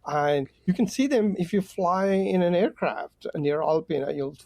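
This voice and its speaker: A man's voice: fairly high pitch, normal speed, creaky, dark tone, no echo. A man who is a professor and podcast guest, explaining his research with frequent fillers. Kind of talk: interview answers.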